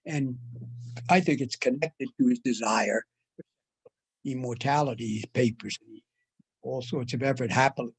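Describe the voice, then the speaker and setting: An older man giving a measured, deliberate history lecture, with frequent "uh" fillers. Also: medium pitch, breathy edge, poor audio. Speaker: guest lecturer. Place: online talk.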